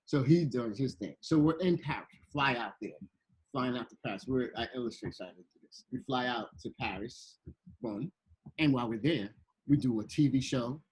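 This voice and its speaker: A man telling a playful, animated story to children, slipping into voices as he goes, on a video call. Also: medium pitch, low-quality recording. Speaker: guest illustrator and storyteller.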